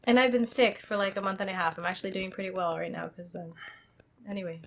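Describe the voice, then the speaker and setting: A woman's voice: medium pitch, steady tone, fast talker, creaky, fairly bright tone, slight background noise. A tired woman co-hosting a podcast at home late at night, chatting casually. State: tired, yawning. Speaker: podcast co-host. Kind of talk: casual chat.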